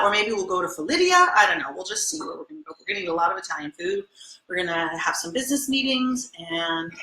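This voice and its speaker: A woman hosting a live cooking lesson in her home kitchen, chatty and excitable as she demonstrates and tastes. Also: lowish voice, echoey room, poor audio. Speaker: cooking show host.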